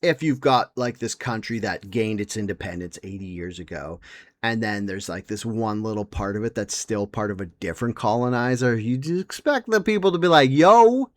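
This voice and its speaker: A man's voice: lowish voice, lively intonation, normal speed. A young man hosting a podcast in casual chat, rambling and sarcastic, swearing and mimicking people in silly voices. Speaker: podcast host.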